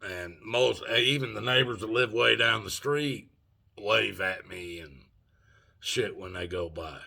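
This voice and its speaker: A man's voice: on the low side, a little slow, creaky, sharp tone, slightly rough. A man of sixty telling a story in a rambling, folksy way with loose grammar. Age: 60s. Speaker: vlogger. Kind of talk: casual storytelling.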